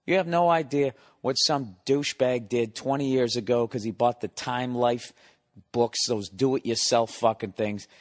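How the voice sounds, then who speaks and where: A man's voice: mid-range voice, measured pace. Profane, exasperated male podcast host. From United States. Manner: profane, exasperated ranting with sarcastic asides. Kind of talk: solo comedic rant.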